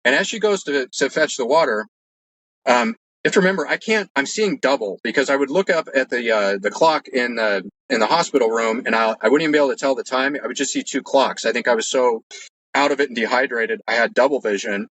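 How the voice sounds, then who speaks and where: A man's voice: medium pitch, fairly quick, a bit bright, a little hiss or hum, poor audio. A man telling his own story as an interview guest, earnest and rambling, with lots of "like" and restarts. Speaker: guest recounting personal experiences. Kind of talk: casual storytelling.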